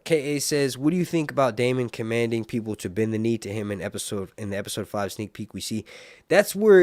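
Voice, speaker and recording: A man hosting a casual livestream, rambling and animated, with muttered asides to himself. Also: mid-range voice, no echo. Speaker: livestream host reviewing a TV series.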